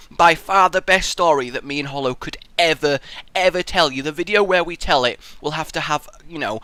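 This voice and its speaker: A young man hosting a casual gaming-channel Q&A, energetic and jokey with sudden loud outbursts. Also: a little high, no room sound. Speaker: YouTube gaming channel host answering viewer questions. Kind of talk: casual Q&A vlog.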